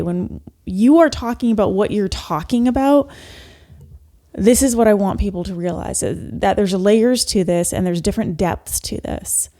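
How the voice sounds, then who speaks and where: Measured woman podcast host. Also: medium pitch, mellow. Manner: thoughtful, measured, coaching tone. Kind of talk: reflective interview talk.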